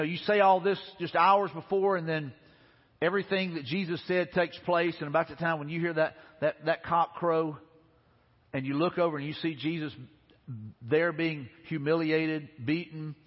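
A man preaches in a husky, somewhat high voice, earnest and conversational, often repeating his key lines. His sermon is recorded in a large hall with long reverb. The sound is muffled and lo-fi. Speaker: pastor. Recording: dull, echoey hall recording.

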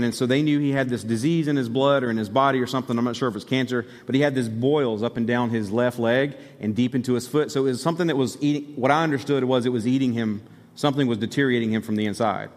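A male pastor preaching a sermon, telling a story and building to excited exhortation. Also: mid-range voice, quick pace, in a large hall.

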